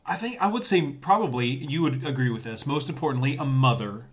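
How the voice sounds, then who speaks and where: A man's voice: medium pitch, lively intonation, a little fast. A man hosting a casual podcast, joking and giving mock-formal introductions. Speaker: podcast host.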